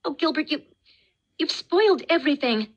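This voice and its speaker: A woman's voice: high voice, animated, moderate pace, pitched above the performer's own voice. A woman reading miserable young Anne. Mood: distressed.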